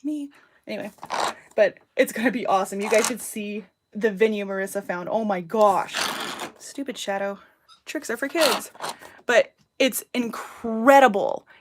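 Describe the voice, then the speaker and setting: A woman's voice: medium pitch, a little slow, background noise. A woman in her thirties hosting a casual crafting livestream from home, rambling cheerfully and reading out viewers' names and comments as she works. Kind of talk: casual live-stream chat while crafting.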